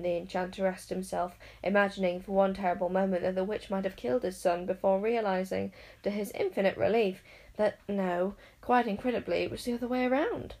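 Woman narrator, lively dramatic storybook reading, mid-pitched voice. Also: poor audio. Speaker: audiobook narrator.

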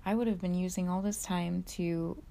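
Brief: woman, lowish gravelly voice, mellow tone, earnest and emphatic monologue. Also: fairly even intonation, moderate pace, slight background noise. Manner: earnest, emphatic, quotes kids in high voices. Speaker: religious commentator. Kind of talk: casual monologue on prophecy.

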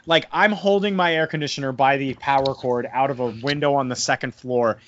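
A man's voice: medium pitch, a little fast, lo-fi sound, slight background noise. A man co-hosting a casual podcast review, talking loosely with lots of "I mean" and "like". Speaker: podcast co-host and wrestling promoter.

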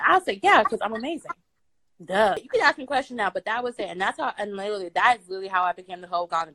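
Brash, bright-voiced woman telling a story. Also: on the high side, no room sound, rough recording. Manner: brash, profane, laughing, breaks into song. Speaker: guest storyteller. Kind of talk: casual storytelling on a live stream. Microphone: phone on a live video stream.

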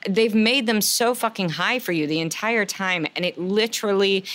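A woman's voice: medium pitch, normal speed, a bit bright. A woman co-hosting a podcast, recapping a movie in casual chat, swearing often and talking bluntly. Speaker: podcast co-host.

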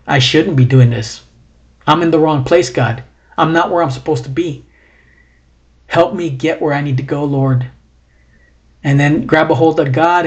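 A man preaching a sermon, reading scripture with feeling and breaking into conversational asides. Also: fairly high pitch.

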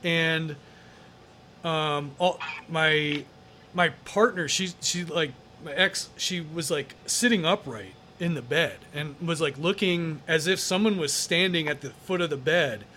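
A man's voice: a little high, measured pace, sharp tone, slight background noise. A man as an interview guest, telling a story casually in a rambling way, with many fillers and some swearing.

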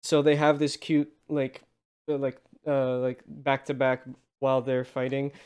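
A man chatting casually about a film, halting and repeating words as he restarts his sentences. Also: medium pitch, level tone, a little mellow, clean tone. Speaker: film discussion co-host. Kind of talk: casual chat.

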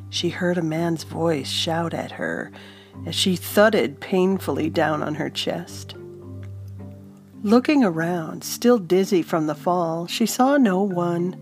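Slow, calm woman storyteller. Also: fairly low pitch. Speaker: narrator. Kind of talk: storybook audiobook narration. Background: soft instrumental music.

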